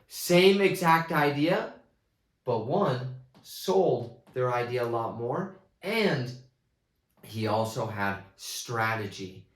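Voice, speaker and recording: A man giving a casual movie review, rambling with many restarts and excited retellings. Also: medium pitch, slow, roomy sound.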